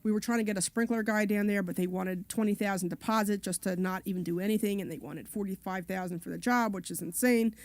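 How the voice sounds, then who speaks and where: A woman's voice: medium pitch, steady tone, fast, hardly any pauses, dry recording. A woman co-hosting a radio talk show, telling long, chatty stories about her property deals. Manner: chatty, long-winded storytelling. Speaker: co-host.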